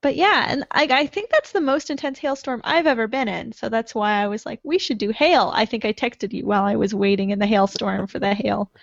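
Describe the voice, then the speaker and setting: A woman's voice: fairly high pitch, fairly quick, vocal fry, few pauses, no room sound, muffled recording. A woman co-hosting a casual podcast, rambling and giggling, with lots of "like". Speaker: podcast co-host.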